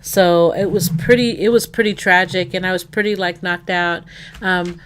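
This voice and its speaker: A woman hosting a livestream in casual chat, rambling and thinking out loud with plenty of fillers. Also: lowish voice, fairly even intonation, normal speed, slight background noise. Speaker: livestream host.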